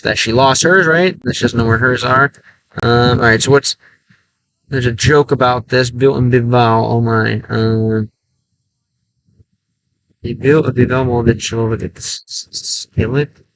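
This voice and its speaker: A man streaming a game, chatting casually and thinking aloud in a halting, self-correcting way. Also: mid-range voice, steady tone, fairly bright tone, poor audio. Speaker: language-learning streamer. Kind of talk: casual livestream chat while gaming.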